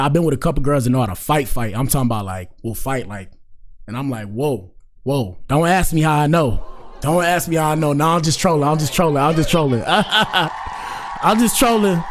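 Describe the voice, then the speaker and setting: Background noise sits under this medium-pitched male voice. It belongs to an American show host whose commentary rambles along, casual and slangy, with chuckles tossed in as asides.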